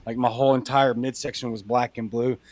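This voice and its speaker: A young man with a Cajun accent, a podcast guest telling a personal story in blunt, animated casual talk. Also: mid-range voice, brisk, dry recording. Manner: blunt, animated retelling with acted-out quotes.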